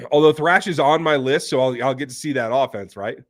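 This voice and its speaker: A man's voice: medium pitch, brisk, no room sound. Male sports talk host, opinionated and blunt, dry close sound. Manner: blunt, opinionated, reads viewer questions. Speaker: podcast host. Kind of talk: casual sports chat reading live chat.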